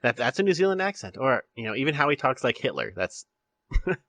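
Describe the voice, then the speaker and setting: A man's voice: medium pitch, big pitch swings, fairly quick, fairly bright tone, no echo. A man hosting a podcast in casual chat, rambling with restarts and laughing often. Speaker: podcast host.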